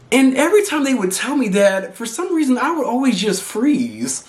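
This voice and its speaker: A man's voice: high voice, sing-song, brisk, few pauses, slight background noise. A man from Texas giving blunt, profane commentary to camera as a vlogger. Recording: roomy echo.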